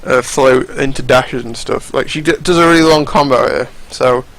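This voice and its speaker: Young male commentator, casual and profane, rambling over game clips at an ordinary pitch. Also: normal speed, a bit bright, rough recording. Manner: rambling, profane, frequent restarts.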